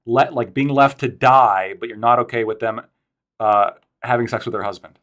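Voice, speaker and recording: A man in a live-streamed debate who pushes back with quick hypothetical scenarios. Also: mid-range voice, fairly bright tone.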